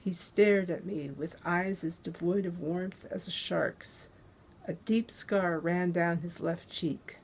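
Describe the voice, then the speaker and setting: A woman author reading her first-person crime novel aloud in measured, deliberate narration into a close dynamic microphone. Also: fairly low pitch, fairly even intonation, darkish tone, slight background noise. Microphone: close handheld dynamic USB mic.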